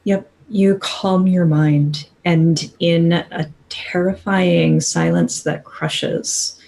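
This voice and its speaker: A woman with a somewhat low voice, running a tabletop roleplaying game. She explains the rules and narrates scenes slowly and haltingly. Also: steady tone, gravelly, mellow, poor audio. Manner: slow, halting descriptive narration. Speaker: game master.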